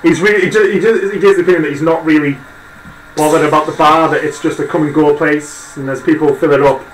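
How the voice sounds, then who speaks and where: A man's voice: on the high side, steady tone, fast. A man narrating as game master of a tabletop role-play game and voicing a curt, grumbling barman. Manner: voices a gruff, curt barman. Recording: echoey room with background noise.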